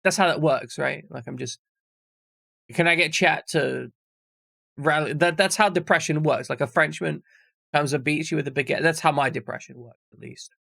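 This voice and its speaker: A man's voice: a little high, moderate pace, vocal fry, sharp tone, no echo, clean studio sound. A man streaming live, chatting casually with viewers in a rambling, jokey way and swearing freely.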